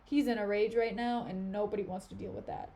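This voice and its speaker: A woman's voice: mid-range voice, steady tone, brisk, dark tone, pitched below the performer's own voice, close to an everyday voice. A woman reading the part of Emilia, a blunt, worldly lady's maid, in a matter-of-fact way.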